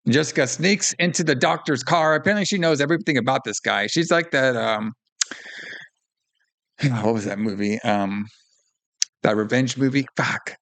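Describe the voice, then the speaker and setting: A man with a medium-pitched voice co-hosts a podcast, casually recapping a film's plot at a moderate pace with long pauses. His retelling is animated: he acts out the characters' lines and swears.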